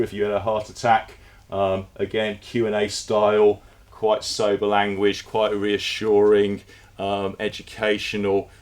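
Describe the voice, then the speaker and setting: Man, low voice, conference presentation, casual with fillers. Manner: conversational, with fillers and repeated words. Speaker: conference speaker. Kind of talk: presentation talk. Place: conference room with audience.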